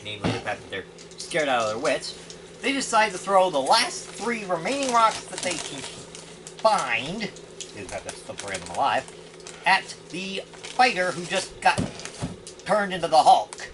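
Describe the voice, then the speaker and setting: A man's voice: on the high side, normal speed. A man running a tabletop game as game master, narrating dice rolls and combat with a laugh. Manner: laughing, animated storytelling. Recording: noisy home recording.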